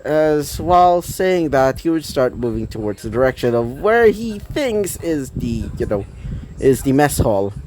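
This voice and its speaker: A man's voice: medium pitch, sing-song, a little slow, darkish tone, a little hiss or hum. A man narrating a fan-fiction story in a rambling way, full of fillers and self-corrections.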